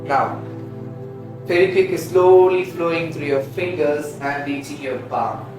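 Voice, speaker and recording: A man reads hypnotic suggestions very slowly, in a measured and soothing rhythm. He sounds far off the mic in a very echoey hall, with music playing clearly behind him. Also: fairly high pitch, steady tone, darkish tone. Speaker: student reading a hypnosis script. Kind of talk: slow hypnotic reading.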